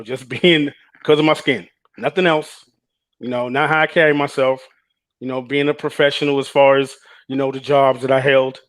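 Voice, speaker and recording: A man on a panel, speaking earnestly and reflectively about his own experience, with many fillers. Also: mid-range voice. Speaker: panel guest. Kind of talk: casual chat, personal testimony.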